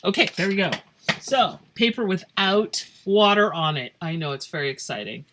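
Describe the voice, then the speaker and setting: A woman's voice: lowish voice, expressive, moderate pace, noisy background. A woman teaching a math lesson in a playful, joking way, thinking aloud as she works through problems. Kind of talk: casual classroom lesson. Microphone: phone camera over paper.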